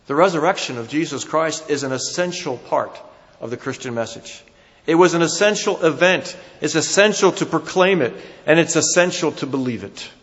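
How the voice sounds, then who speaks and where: A man's voice: fairly high pitch, fairly bright tone. A man with a New Jersey accent preaching a sermon, emphatic, his voice rising and falling for emphasis. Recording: dull sound with long hall reverb.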